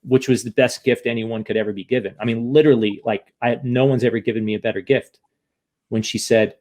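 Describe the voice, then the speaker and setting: A man's voice: mid-range voice, steady tone, fairly quick, a little mellow. A man from the United States, a podcast guest, speaking candidly and rambling with many restarts in an emotional interview.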